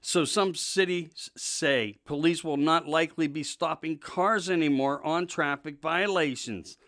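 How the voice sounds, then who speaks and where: A man's voice: on the high side, a little slow, a bit bright. A male host giving an emphatic, indignant political monologue, repeating himself for emphasis. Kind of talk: political talk show monologue.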